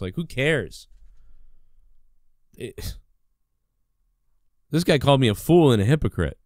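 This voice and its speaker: A man's voice: medium pitch, lively intonation, slow pace, pauses often, a little mellow, dry recording. A man rants through a solo podcast episode, swearing often and circling back on himself. His talk is packed with fillers and restarts, sounding indignant yet casual. The recording is dry and close. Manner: profane, rambling, indignant, full of fillers. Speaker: podcast host. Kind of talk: solo rant.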